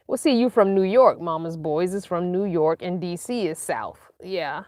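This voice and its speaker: A woman from Northern Virginia hosting a casual livestream, reading viewer comments aloud in a chatty, animated way and laughing often. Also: fairly low pitch, moderate pace, few pauses, dry recording, studio quality. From Northern Virginia, USA. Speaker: vlogger hosting a live chat.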